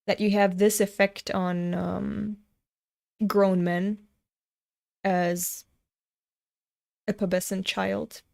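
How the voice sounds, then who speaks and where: A woman's voice: medium pitch, level tone, extremely slow, gravelly, long pauses, a little mellow. A woman in her twenties reading a comic aloud and ranting frankly about it, swearing freely. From Europe. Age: 20s. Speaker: webcomic reader and commentator.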